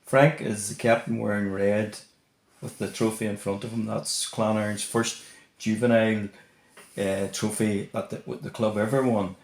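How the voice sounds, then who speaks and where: An older man, softly reminiscing about an old teammate as he looks at photos. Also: lowish voice, flat delivery, a little slow, roomy sound. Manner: reflective, soft-spoken reminiscing. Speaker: interviewee, former teammate.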